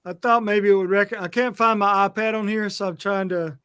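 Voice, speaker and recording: A man in a class chat, hesitantly troubleshooting out loud. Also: high voice, steady tone, a little fast, smooth, dry recording.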